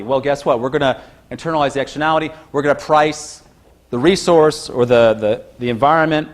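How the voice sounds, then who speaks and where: In a chatty, animated university lecture delivered a bit quickly, the man breaks into squeaky, high exclamations as he plays out people's remarks.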